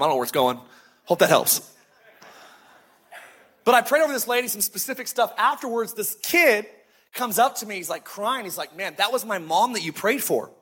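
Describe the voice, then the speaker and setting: A man preaching a sermon, telling stories in a conversational way and slowing down to stress key phrases. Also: high voice, fairly bright tone, breathy edge. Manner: conversational storytelling with emphatic slowed phrases.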